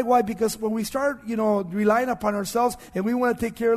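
A male preacher giving a sermon, swinging from hushed low passages to loud emphatic peaks and asking and answering his own questions. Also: fairly even intonation, fairly quick, few pauses. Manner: asks and answers rhetorical questions. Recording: long hall reverb.

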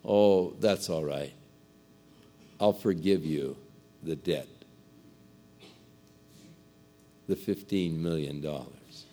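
A gracious king, his voice dropping low and hushed as he waves away a huge debt, as a preacher acts him out. The tone is kind and unhurried, delivered slowly in a deep, quiet register. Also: big-room sound. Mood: gentle. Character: gracious forgiving male king, soft and kind.

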